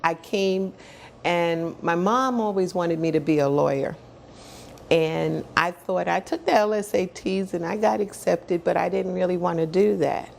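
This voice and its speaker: A woman in her sixties, a guest in an interview, telling her story with animated energy, acting out what others said and often laughing. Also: fairly low pitch, a little slow, gravelly, slight background noise. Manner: animated storyteller who acts out quoted dialogue and repeats words as she builds up.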